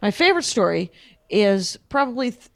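A woman's voice: mid-range voice, normal speed, creaky. A middle-aged woman, a comedian guest, telling chatty, wry stories with punchlines in a casual interview. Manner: chatty, wry, lively storyteller who tells stories with punchlines.

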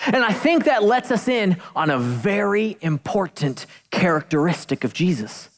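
Woman preacher, lively pitch swings, emphatic sermon delivery with playful asides. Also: in a large hall. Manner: animated, emphatic, jokey asides, slows for key phrases.

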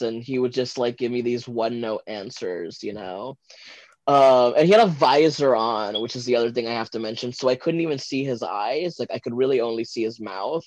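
Podcast guest, male, from LA, mid-pitched voice, rambling and giggly, lo-fi dry recording. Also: a little fast, dry recording. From Los Angeles, USA. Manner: chatty, rambling, many fillers like "like" and "um"; giggly, animated when retelling moments. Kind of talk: casual storytelling interview.

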